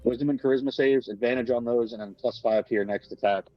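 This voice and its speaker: A man playing a tabletop game, reading out rules in a relaxed, explaining way. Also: mid-range voice, quick pace, no echo. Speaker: player. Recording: dull, dry lo-fi recording.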